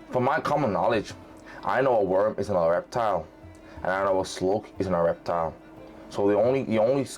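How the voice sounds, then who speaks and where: A man hosting a joking quiz vlog, energetic and tripping over his words, with light music behind. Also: on the low side. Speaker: vlogger.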